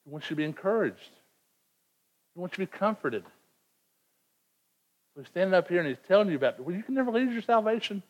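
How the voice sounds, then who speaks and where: A man's voice: high voice, lively intonation, quick pace, pauses often. A man preaching a sermon in an earnest, emphatic way, often repeating words as he presses a point. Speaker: pastor.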